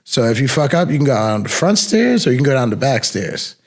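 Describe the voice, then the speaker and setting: A man's voice: medium pitch, big pitch swings, fairly quick. A young man co-hosting a podcast, telling laid-back, slangy stories from his security work. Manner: laid-back, slangy storytelling with bursts of laughter. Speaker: podcast co-host, former bouncer. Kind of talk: casual storytelling chat.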